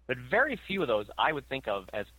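Guy cohosting a podcast, bright voice, jokey and animated. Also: medium pitch, fast talker, breathy edge, no room sound, poor audio. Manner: animated, jokey, thinks aloud. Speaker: podcast co-host. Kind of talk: casual podcast chat.

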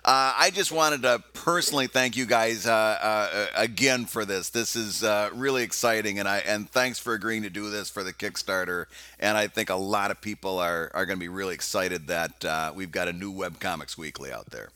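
A man's voice: lowish voice, normal speed, hardly any pauses, sharp tone, no echo. A man co-hosting a podcast in casual chat, laughing easily and thanking his co-hosts earnestly. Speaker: podcast co-host.

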